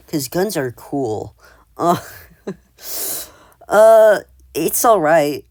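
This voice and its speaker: A man's voice: fairly high pitch, lively intonation, very slow, pauses often, no room sound. Rambling, self-mocking man in a dry room. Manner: rambling, filler-heavy, self-deprecating. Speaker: video creator. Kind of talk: casual commentary ranking own old art.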